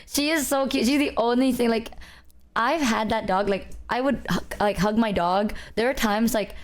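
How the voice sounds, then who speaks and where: A woman's voice: fairly high pitch, moderate pace. A young woman streamer chatting casually, telling rambling stories full of "like" and "bro". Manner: rambling, animated storytelling with lots of "like" and "bro". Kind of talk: casual chat.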